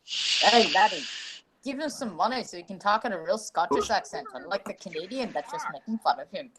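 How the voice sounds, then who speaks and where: A woman's voice: mid-range voice, expressive, quick pace, very noisy. A woman on a casual group stream who jokes crudely and sarcastically, swearing freely.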